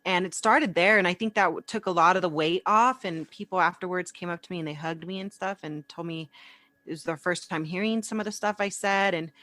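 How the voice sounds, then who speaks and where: Low-voiced woman guest, dry sound. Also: fairly quick, dry recording. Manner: warm storytelling, laughs easily. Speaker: podcast guest, entrepreneur and speaker. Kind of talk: casual conversational interview.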